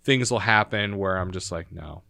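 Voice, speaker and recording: A young man chats as a podcast guest, rambling through a family story with plenty of fillers. His voice sits low. The sound is close and dry. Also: moderate pace, fairly bright tone, no echo. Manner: rambling, full of "like" and restarts. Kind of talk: casual chat, storytelling.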